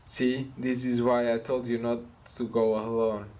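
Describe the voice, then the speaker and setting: A man voicing a gruff, protective mobster who scolds bluntly and swears while reading game dialogue aloud. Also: medium pitch, level tone, measured pace, darkish tone, natural voice. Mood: questioning.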